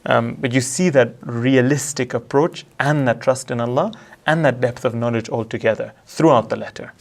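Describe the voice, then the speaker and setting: A man in a religious discussion, quickly reciting Quranic verses in Arabic and then explaining them in English. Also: mid-range voice, creaky. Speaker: religious commentator. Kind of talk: discussion analyzing a religious letter.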